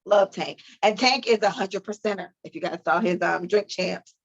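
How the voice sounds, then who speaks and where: A woman co-hosting a podcast, chatting casually with profane, animated storytelling. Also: medium pitch, moderate pace, vocal fry, dull audio. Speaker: podcast co-host. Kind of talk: casual chat.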